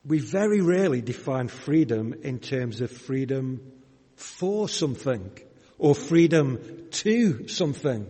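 A Yorkshire man preaches slowly and deliberately, talking with his congregation rather than at them. His voice is slightly husky. It rings through a church hall with a long reverb tail. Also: medium pitch, dark tone. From Yorkshire, England. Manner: measured, conversational preaching with rhetorical questions. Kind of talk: sermon.

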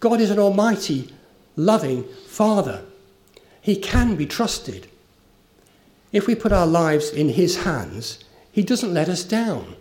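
A man's voice: high-pitched, sing-song, takes it slowly, long pauses, a little mellow. A man preaching a sermon, earnest and emphatic, with a story told along the way. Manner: earnest, rising emphasis on key phrases.

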